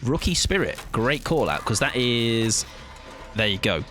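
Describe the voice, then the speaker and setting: A man's voice: medium pitch, big pitch swings, unhurried, fairly bright tone, faint music behind. A man streaming a game, chatting casually to his viewers, rambling and joking with casual swearing. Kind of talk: casual live-stream chat during gameplay.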